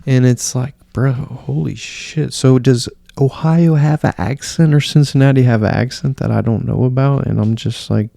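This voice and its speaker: A man's voice: medium pitch, fairly even intonation, moderate pace, creaky, few pauses, warm tone, dry recording, studio quality. A man hosting a casual solo podcast, rambling and swearing in an offhand way. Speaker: podcast host.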